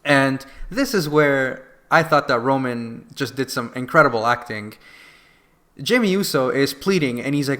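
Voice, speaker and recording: A man co-hosting a podcast, retelling a wrestling event in an animated, casual way full of fillers. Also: medium pitch, measured pace. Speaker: podcast co-host. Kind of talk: casual wrestling review chat.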